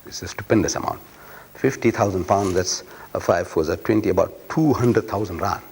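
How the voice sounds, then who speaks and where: A man giving an impassioned public lecture, rhetorical and emphatic, swinging between loud peaks and quiet asides. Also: deep voice, a little fast, vocal fry, a little hiss or hum. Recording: long reverb of a lecture hall.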